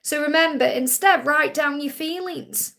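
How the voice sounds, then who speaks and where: A woman's voice: high voice, a little slow, gravelly, pushed and bright. A woman hosting a live Q&A, giving spiritual readings in a soothing, reassuring way. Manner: soothing, reassuring, repeats phrases. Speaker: psychic reader hosting a live Q&A.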